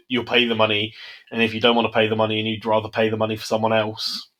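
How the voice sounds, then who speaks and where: A man co-hosting a football podcast, talking things through in a measured, casual way. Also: fairly low pitch, completely flat delivery, a bit bright. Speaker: podcast co-host. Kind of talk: casual chat.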